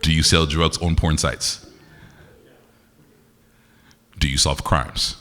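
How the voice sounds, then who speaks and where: A man's voice: a bass voice, little pitch movement, normal speed, pushed and bright. A male poet doing playful, teasing crowd work with his audience during a live show at a university concert venue. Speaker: performance poet. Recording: reverberant hall, live event.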